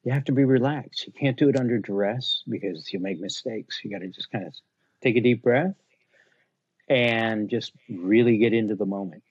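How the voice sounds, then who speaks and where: A man who owns a gear company, talking in a casual podcast interview, blunt and animated as he tells stories about customers. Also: lowish voice, moderate pace, breathy edge, no echo, highs cut off. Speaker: guest, luggage company owner.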